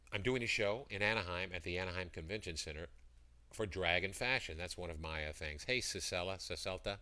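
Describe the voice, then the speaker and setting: Deep-voiced man rambling on a livestream. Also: pushed and bright, smooth. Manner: rambling, greets chat viewers by name, breaks into sung jingles. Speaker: livestream seller. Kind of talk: casual livestream chat. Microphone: computer mic.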